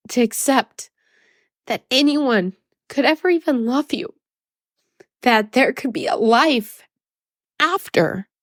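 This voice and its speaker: A woman's voice: a little high, no room sound, clean studio sound. A woman hosting a podcast, talking in a raw, emotional and blunt way with swearing, tearful as she speaks. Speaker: podcast host. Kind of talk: confessional podcast monologue.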